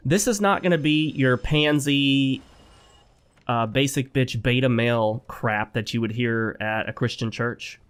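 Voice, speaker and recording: A man hosting his own gaming channel, chatting casually and with strong opinions while he plays, sounding a bit sick. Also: mid-range voice. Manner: rambling, opinionated, talks straight to viewers. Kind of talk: casual gameplay commentary. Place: home.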